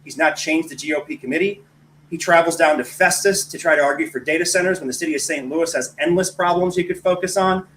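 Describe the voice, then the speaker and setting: A man's voice: a little high, fast talker, fairly bright tone, slight background noise, rough recording. A man appearing as a guest on a talk show, speaking bluntly and outspokenly and then apologizing for his outbursts. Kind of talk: casual political chat.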